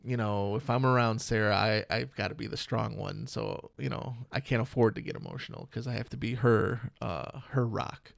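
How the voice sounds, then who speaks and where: In clean, echo-free studio audio, a podcast co-host in his thirties from Michigan tells cynical, profanity-heavy stories during a casual chat. His voice is fairly low and creaky, with fairly even intonation, a moderate pace, and few pauses.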